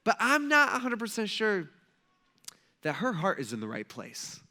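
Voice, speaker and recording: A male pastor preaches in a relaxed, conversational way, slipping into acted-out quotes as he tells a story. His voice sits a bit high and has a bright, forceful edge. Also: moderate pace. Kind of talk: conversational sermon.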